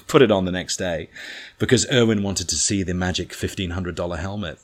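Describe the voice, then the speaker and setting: Low-voiced man spinning comic yarns. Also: normal speed. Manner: animated, profane, comic storytelling. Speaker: guest storyteller. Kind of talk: casual anecdote telling.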